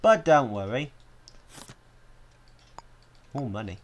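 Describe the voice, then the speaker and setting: A young man narrates his gameplay at an unhurried pace, teasing and mock-threatening the characters on screen. He swears freely and keeps a joking tone, with a faint hiss of noise under his voice. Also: mid-range voice, lively intonation, lo-fi sound. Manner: playful, mock-menacing, swears a lot. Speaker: gaming YouTuber. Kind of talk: gameplay commentary.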